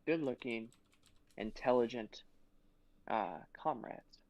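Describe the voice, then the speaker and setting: A man chatting as a player in a tabletop game, hesitant and rambling with lots of fillers and restarts. He sits at an ordinary pitch, and his dull, lo-fi mic sounds dry and close. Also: takes it slowly, darkish tone, no echo. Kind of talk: casual tabletop game chat.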